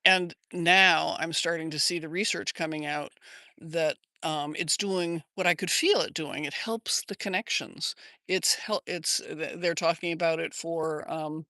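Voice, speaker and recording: Bright-voiced older American woman chatting. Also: deep voice, steady tone, measured pace, no echo, clean studio sound. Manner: rambling and chatty, answers viewer comments. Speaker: livestream host. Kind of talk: casual livestream chat. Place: outdoors in her yard.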